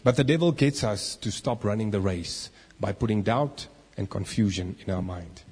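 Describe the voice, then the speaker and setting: A man's voice: on the low side, normal speed, breathy edge. A man preaching a sermon, acting out the inner voices of the people he talks about. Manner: animated, acts out inner voices. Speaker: pastor. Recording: long reverb of a church hall.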